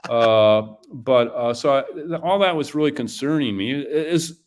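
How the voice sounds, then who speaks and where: A man being interviewed as an author and publisher, talking casually and haltingly with many restarts. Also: mid-range voice, expressive, slight background noise. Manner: halting, full of restarts and fillers.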